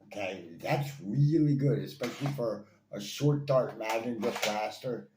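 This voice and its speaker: A man's voice: mid-range voice, unhurried, noisy background. A man reviewing toy blasters in casual chat, enthusiastic and rambling, with lots of fillers and repeats. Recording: echoey room, faint ambience.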